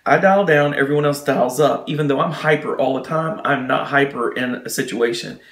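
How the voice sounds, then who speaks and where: A man telling a personal anecdote in a casual, animated way, acting out the people in it. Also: medium pitch, moderate pace. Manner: animated, acts out the people in his story. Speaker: storyteller. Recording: roomy echo.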